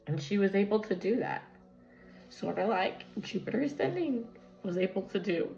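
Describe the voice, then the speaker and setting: Gravelly woman reading tarot. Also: mid-range voice, lively intonation, normal speed, dark tone. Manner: rambling, tangential, with many fillers. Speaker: tarot reader. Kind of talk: casual spiritual tarot reading. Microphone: phone. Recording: echoey room, dull lo-fi sound, faint music.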